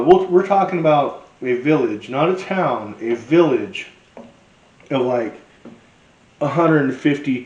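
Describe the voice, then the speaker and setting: A man's voice: mid-range voice, a little mellow, reverberant, lo-fi sound. Profane rambling man telling a story. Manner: profane, rambling, laughs often. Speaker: cooking show host. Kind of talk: casual storytelling while cooking.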